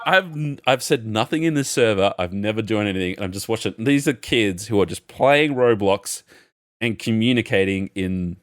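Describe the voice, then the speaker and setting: A man's voice: fairly low pitch, animated, moderate pace, no echo, clean studio sound. A young Australian man co-hosting a podcast, chatting casually and laughing often as he reads out chat messages. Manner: laughs often while reading chat logs aloud. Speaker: podcast co-host.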